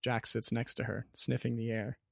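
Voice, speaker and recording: A man reading a fantasy story aloud as narrator, in steady, descriptive narration. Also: mid-range voice, moderate pace, gravelly, no echo, studio quality.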